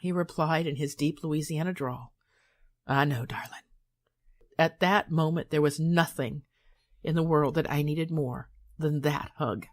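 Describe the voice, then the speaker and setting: An older woman reading her own memoir aloud in a calm, measured, soothing way. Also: low voice. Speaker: author and hypnotist.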